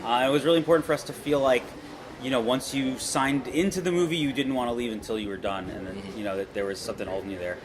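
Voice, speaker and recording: A man's voice: medium pitch, fast. A man, a film director and co-writer, answering interview questions in a loose, rambling way with lots of restarts and self-deprecating jokes. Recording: noisy background ambience.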